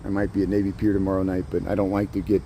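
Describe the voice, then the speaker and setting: A man's voice: sits low, completely flat delivery, racing, noisy background. A man casually livestreaming a walking tour of a city park, rambling, chatty and greeting viewers as he walks with his phone outdoors. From Chicago area. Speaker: vlogger livestreaming a walk.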